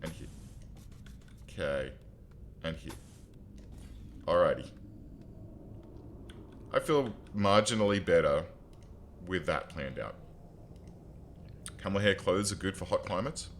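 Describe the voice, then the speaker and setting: A man's voice: sits low, animated, slow pace, long pauses, slight background noise. A man streaming a strategy game, chatting casually and joking as he talks to his viewers and to his in-game characters. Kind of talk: casual let's-play commentary.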